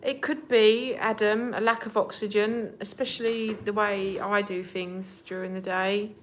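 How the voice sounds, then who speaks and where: Slow-talking woman chatting on a livestream. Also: mid-range voice, flat delivery, a little hiss or hum. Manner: chatty, talks to her cats in a soft baby voice. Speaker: livestream host. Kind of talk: casual livestream chat with viewers. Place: home room with cats.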